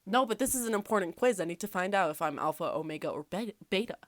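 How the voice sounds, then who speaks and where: A woman's voice: medium pitch, lively intonation, fast talker, no echo. A woman hosting a casual podcast, reading quiz questions aloud with sarcastic, swear-filled asides and frequent laughter. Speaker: podcast host.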